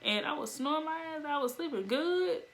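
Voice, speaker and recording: Young woman vlogger, lively storyteller who laughs and acts out voices. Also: sits high, fairly quick. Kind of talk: casual storytelling.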